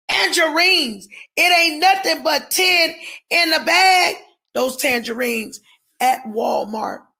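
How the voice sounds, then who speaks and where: A high-pitched, gravelly voice with a breathy edge belongs to a woman preaching on a live stream. She rants with heavy emotion, calls out her viewers by name, and often escalates into shouting.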